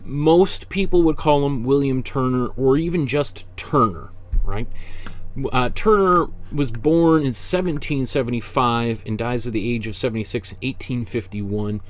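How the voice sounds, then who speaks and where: A man teaching an online painting class in a casual, rambling way, often correcting himself and filling pauses. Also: mid-range voice. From Canada. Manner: rambling, self-correcting, chatty with frequent fillers. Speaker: art instructor.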